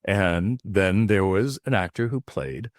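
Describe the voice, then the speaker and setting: A slow, low-voiced American actor in his fifties tells stories as a guest in a casual interview, animatedly acting out voices along the way. The recording is dry with clean studio sound.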